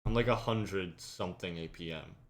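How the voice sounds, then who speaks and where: A man hosting a casual podcast and telling a gaming story with animated, acted-out quotes. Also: low voice, normal speed. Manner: animated, acts out friends' lines loudly, laughs. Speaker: podcast host and streamer.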